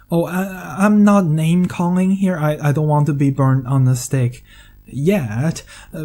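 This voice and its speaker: Man, English speaker, essay narration: mellow, dry humor, hesitant fillers. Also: on the high side. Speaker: video essayist. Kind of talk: scripted monologue.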